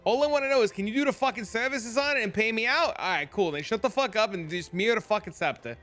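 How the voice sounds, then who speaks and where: A pushy, foul-mouthed Jersey mobster type, put on by a man mid-stream. His voice sits high and bright, with a put-on New Jersey accent. Faint game music hums behind him. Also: lively intonation, quick pace. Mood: bullying. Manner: profane, bullying, rhetorical questions.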